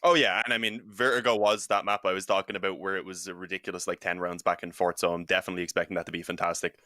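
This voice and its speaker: A man casting esports, chatting through pre-match commentary in a quick, talkative way. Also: low voice, level tone, pushed and bright, no echo. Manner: chatty and quick, laughs between points. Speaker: esports caster.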